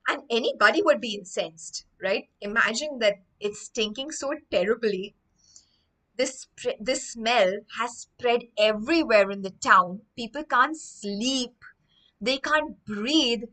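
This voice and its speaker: Teacher lady reading a story to kids, bright voice, lots of emphasis, explains vocab as she goes. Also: on the high side, slow pace, low-quality recording. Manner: animated, emphatic, explains words. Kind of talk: reading a story aloud to children.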